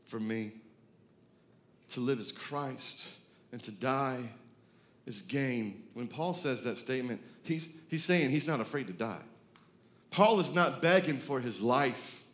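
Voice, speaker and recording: A man, preaching a sermon, moving from hushed reflection to loud, excited declarations. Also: mid-range voice, slow pace. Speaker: pastor.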